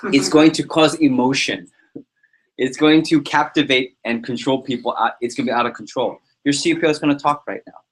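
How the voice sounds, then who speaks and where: A man leading a sales team meeting, giving an energetic motivational talk full of anecdotes and repetition. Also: mid-range voice, fairly quick, breathy edge. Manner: energetic, repeats himself, tells anecdotes. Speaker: team leader running a sales prep meeting.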